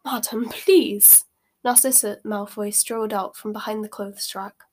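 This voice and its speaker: A woman reading a novel aloud in steady, expressive narration. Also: medium pitch, moderate pace, a little hiss or hum. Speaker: reader.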